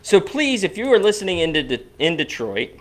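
Lively, high-voiced male podcast co-host. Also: normal speed. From Cincinnati, Ohio area. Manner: animated, walks through download stats. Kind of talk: casual podcast chat.

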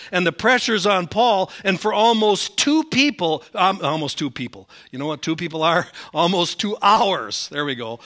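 A high-voiced male senior pastor with an Upper Midwest American accent preaches animatedly in a church sanctuary. His volume climbs whenever he reads from scripture, and he slips in jokes at his own expense.

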